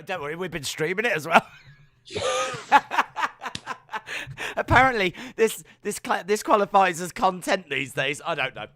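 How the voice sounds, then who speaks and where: A man co-hosting a wrestling podcast, chatting casually in a quick, joking, self-deprecating way. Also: sits high, animated, bright, forceful tone, no echo. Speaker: podcast co-host.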